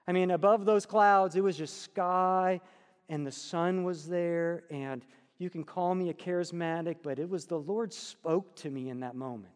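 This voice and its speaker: A middle-aged man preaching a sermon and telling personal stories, earnest, dropping to soft hushed passages and lifting to emphatic ones. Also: sits high. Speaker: pastor. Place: church sanctuary. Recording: long reverb of a church hall.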